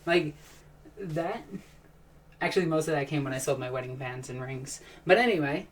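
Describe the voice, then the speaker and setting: A woman hosts a casual live stream from her home room with a fairly low voice. She rambles enthusiastically, sighs often and restarts her sentences. The mic sits a little way off, so she sounds distant. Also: moderate pace. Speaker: live streamer answering chat.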